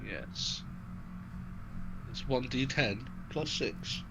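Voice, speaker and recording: A man playing a tabletop game, casual and excitable, swearing freely. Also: mid-range voice, drawn-out words, background noise. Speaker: player.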